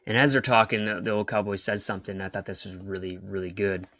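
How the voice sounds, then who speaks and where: Bright-voiced man, casual motivational talk. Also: lowish voice, level tone, fairly quick, hardly any pauses, dry recording, studio quality. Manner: rambling, restarts, retells scenes with emphasis. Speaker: podcast host and coach.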